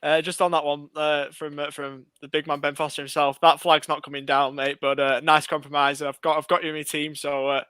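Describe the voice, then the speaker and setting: A man's voice: on the high side, level tone, a little fast, hardly any pauses, bright, forceful tone, clean tone, no echo. A man co-hosting a casual podcast panel, cheeky and jokey, plugging the show. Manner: cheeky, jokey, rambling plugs. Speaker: podcast co-host.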